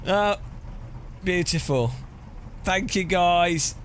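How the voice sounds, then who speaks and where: A man's voice: sits high, very slow, a little hiss or hum. A man streaming a sim race, chatting casually and breaking into long fits of self-mocking laughter. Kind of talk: casual live-stream commentary.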